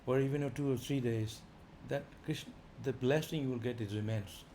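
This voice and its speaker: Visiting speaker, male, energetic informal class, light background noise. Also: medium pitch, fairly quick. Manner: animated, rising loud for emphasis, chuckling.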